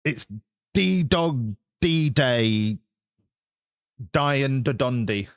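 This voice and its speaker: A man's voice: mid-range voice, lively intonation, very slow, smooth, dry recording, studio quality, faint music behind. A man live streaming, chatting with his viewers and teasing them in a joking way. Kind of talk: casual stream chat with viewers.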